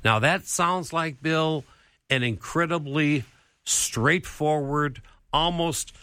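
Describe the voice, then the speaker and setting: A man's voice: fairly high pitch, takes it slowly, pushed and bright, clear, resonant tone, dry recording, clean studio sound. A man as a Christian counselor guest on a faith talk show, speaking in a straightforward, earnest way and stretching words for emphasis.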